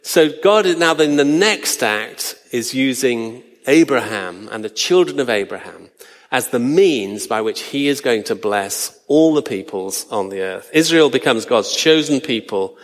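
A man preaching a sermon, earnest and slowing down for emphasis. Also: mid-range voice, animated, in a large hall.

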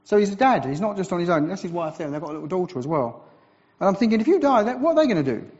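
A man from England, a visiting preacher, giving a sermon with animated storytelling and self-deprecating asides. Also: high-pitched, rapid-fire. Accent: English. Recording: dull recording with long church reverb.

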